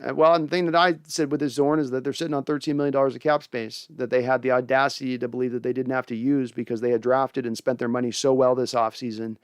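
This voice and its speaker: A man's voice: medium pitch, level tone, quick pace, hardly any pauses, clear, resonant tone, no echo, studio quality. A young man hosting a casual sports fan show, reading viewer comments and giving opinionated takes with frequent restarts.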